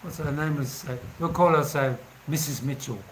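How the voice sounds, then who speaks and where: A man in his sixties tells anecdotes in a chatty, casual way and laughs easily. His voice sits slightly high for a man. Faint ambient noise can be heard behind him. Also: normal speed, poor audio. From England. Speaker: vlogger. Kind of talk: casual storytelling.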